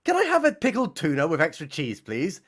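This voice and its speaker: A man's voice: a little high, wildly swooping pitch, fairly quick, fairly bright tone, full character voice. A man voicing a self-pitying male actor who speaks in a plaintive, indignant way. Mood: whiny.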